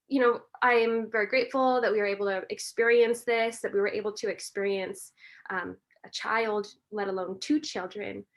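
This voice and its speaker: A woman, a breathwork and meditation teacher, talking earnestly and warmly as a podcast guest in a reflective, gently spiritual way. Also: fairly high pitch. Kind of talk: reflective conversational talk.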